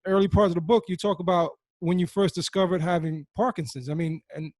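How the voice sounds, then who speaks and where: Podcast host guy rambling thru a question, bit higher voice, dry close sound. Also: fairly even intonation, fairly quick, a little mellow, no room sound. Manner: rambling, many fillers and restarts. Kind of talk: interview questions.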